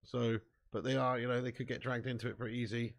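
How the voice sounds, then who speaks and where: A man's voice: mid-range voice, flat delivery, fast, vocal fry. A young man hosting a live football watch-along, bantering with chat, laughing often, swearing and calling everyone mate. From southern England. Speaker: fan channel host.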